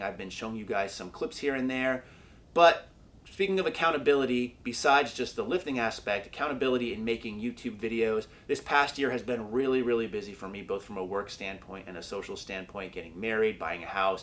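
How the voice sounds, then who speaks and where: Low-voiced laid-back young man vlogging. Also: a bit bright. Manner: laid-back, joking, swears casually. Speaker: powerlifting vlogger. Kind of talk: casual training vlog.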